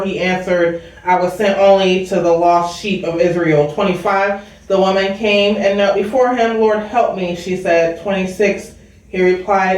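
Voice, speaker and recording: A woman co-hosting, reading viewer comments and a passage aloud, with a giggly manner. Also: medium pitch. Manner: giggly, reads aloud steadily. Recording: very echoey room, distant mic.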